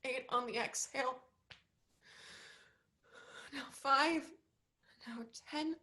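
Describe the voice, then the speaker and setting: A young woman acting a dancer who talks herself through panic in a stage play, slow and breathless. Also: high-pitched, steady tone, bright, forceful tone. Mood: panicked.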